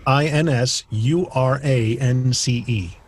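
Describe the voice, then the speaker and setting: A man's voice: mid-range voice, takes it slowly, a little hiss or hum. A man co-hosting a podcast interview, telling stories and joking around. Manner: jokey, storytelling. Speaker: podcast co-host. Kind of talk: casual interview chat.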